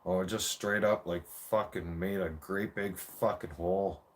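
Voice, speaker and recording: A man's voice: low voice, fairly even intonation, unhurried. A man in his forties telling a rambling, profane childhood story in a casual rant.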